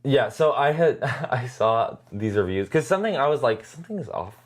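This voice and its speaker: A man's voice: mid-range voice, expressive, moderate pace. A man co-hosting a podcast in casual chat, hedging often with "like" and "um". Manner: hesitant, hedging with "like" and "um". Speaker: podcast co-host.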